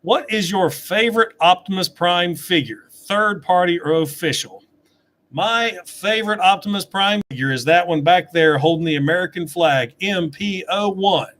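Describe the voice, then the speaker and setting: Answering live chat from behind a desk webcam, this middle-aged man reviews toys and reads viewer questions aloud in a casual livestream. He talks at a moderate pace in a high, fairly bright voice.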